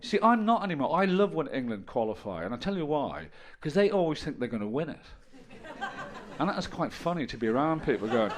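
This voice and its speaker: An Irish man in his fifties works through a stand-up set, his voice bouncing up and down with lively pitch. He rambles wryly from one story to the next and tosses in playful asides. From Ireland. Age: 50s. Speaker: stand-up comedian. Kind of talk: stand-up routine.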